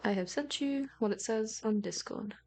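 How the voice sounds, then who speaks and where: A woman narrates a tabletop game in a casual, chatty way. She laughs often and stops to search for words mid-description. Soft music sits faintly behind her. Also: on the high side, moderate pace. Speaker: game master.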